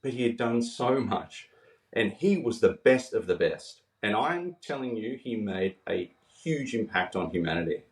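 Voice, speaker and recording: An earnest man shares heartfelt stories on a podcast, his voice sitting fairly low. He sounds set back from the microphone in a room with a lot of echo. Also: sing-song, moderate pace, distant mic. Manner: earnest, heartfelt, quoting others as he tells stories. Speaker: podcast guest. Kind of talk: emotional storytelling in conversation.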